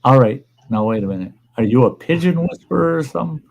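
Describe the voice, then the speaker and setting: Profane, animated male storyteller. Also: medium pitch, fast, creaky, muffled recording. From Upper Midwest United States. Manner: profane, animated storyteller acting out quoted people. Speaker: host. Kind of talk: casual storytelling chat.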